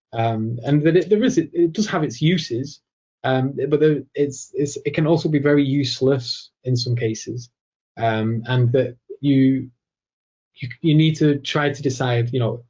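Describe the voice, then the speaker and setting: A man fields questions from a live audience, reasoning out loud with frequent fillers and false starts. His voice is warm and mellow, sitting at an ordinary middle pitch. The sound is slightly dull, like a modest streaming mic. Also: slightly rough. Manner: thinking aloud, many fillers and restarts; acts out quoted dialogue. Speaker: host answering audience questions. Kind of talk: live Q&A talk.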